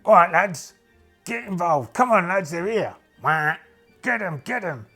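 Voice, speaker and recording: A man voicing a duck adventurer who poses as an angry policeman, with a loud, bossy shouting manner. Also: very high voice, unhurried, vocal fry, faint music behind, pitched above the performer's own voice, exaggerated voice.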